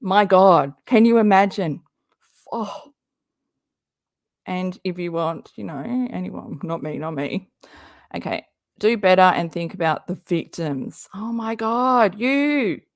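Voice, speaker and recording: A woman's voice: medium pitch, gravelly, no echo, clean studio sound. A woman hosting a casual reaction livestream, chatty and sarcastic, rambling and laughing often. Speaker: livestream host.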